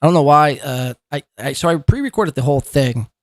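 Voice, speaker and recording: A man's voice: fairly high pitch, expressive, a little fast, dry recording. A man hosting a live commentary podcast, talking in a profane, mocking and rambling way. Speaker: podcast host.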